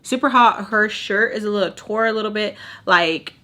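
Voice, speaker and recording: Bright and forceful, her medium-pitched voice moves at a moderate pace as a young woman vlogs a casual storytime. She acts out what people said, keeping it chatty and sassy.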